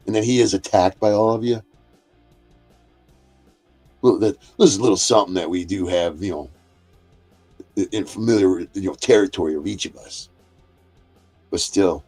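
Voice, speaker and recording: A man's voice: sits low, a little mellow. A man hosting a livestream, delivering a profane and confrontational rant that keeps circling back on itself. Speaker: livestream host. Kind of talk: angry ranting monologue.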